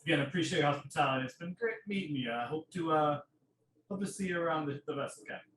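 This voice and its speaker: A man's voice: a little high, quick pace, a bit bright, reverberant, recorded from a distance, slight background noise, poor audio. A man playing a polite, hesitant passenger in a tabletop game, with stammered restarts. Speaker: player. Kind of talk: in-character roleplay.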